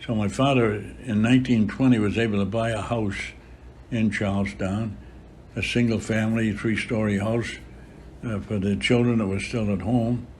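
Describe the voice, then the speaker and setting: A man of about a hundred, a priest recalling his life in an interview, unhurried, with frequent filler pauses. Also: lowish voice, steady tone, darkish tone, slight background noise. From Boston area, USA. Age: about 100. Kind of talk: reminiscing in an interview.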